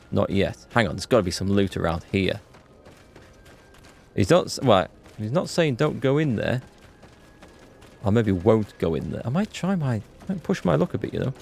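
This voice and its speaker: A man hosting a live game playthrough, chatty and excitable, greeting viewers in chat. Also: lowish voice, creaky. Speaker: let's play host. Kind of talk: live gameplay commentary. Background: faint game music.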